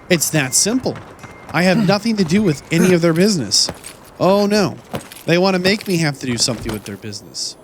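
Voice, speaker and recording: A man's voice: on the high side, slight background noise. A man hosting a game playthrough, commentating as he plays and launching into mock-indignant, theatrical rants at enemies. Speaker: let's play host. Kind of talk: gameplay commentary.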